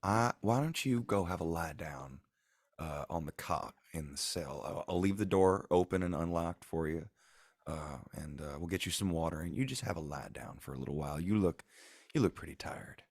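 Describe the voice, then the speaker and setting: Deep-voiced guy doing a soft kindly lawwoman, low gravelly voice, stammers gently, dry sound. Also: expressive, moderate pace, no echo. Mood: reassuring. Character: calm, kindly woman lawkeeper, reassuring. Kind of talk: voicing a character in a tabletop game.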